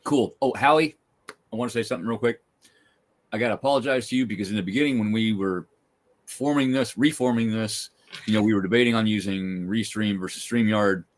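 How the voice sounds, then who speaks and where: A man's voice: on the low side, a little fast. A man hosting a casual talk stream, opinionated and ranting, often restarting his sentences. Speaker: podcast host. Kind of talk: casual chat.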